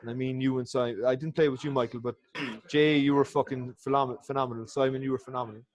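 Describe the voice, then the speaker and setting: A man's voice: mid-range voice, fairly even intonation, quick pace, poor audio. A man, a former rugby player guesting on a podcast, talking in a heartfelt, rambling way and swearing often. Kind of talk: casual chat.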